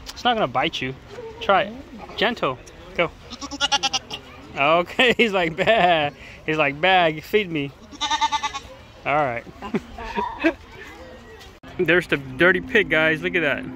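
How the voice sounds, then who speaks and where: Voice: medium pitch, animated, takes it slowly, pauses often. Playful parent vlogging outdoors, crowd around. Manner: encouraging, playful, addresses viewers as guys. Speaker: parent vlogging a family outing. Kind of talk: casual vlog narration to viewers. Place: outdoor zoo. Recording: outdoor recording with crowd noise. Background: crowd of visitors.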